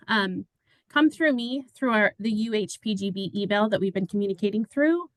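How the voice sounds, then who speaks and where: A woman's voice: mid-range voice, dry recording, low-quality recording. A woman who works as an executive assistant, running an online public meeting in a friendly way with many fillers. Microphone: video call.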